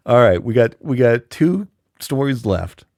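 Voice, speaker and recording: A man's voice: medium pitch, sing-song, takes it slowly, vocal fry, a little mellow, dry recording, studio quality. A man hosting a casual podcast interview, asking loose questions and reacting with blunt, profane remarks. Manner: laid-back, profane interjections. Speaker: podcast host.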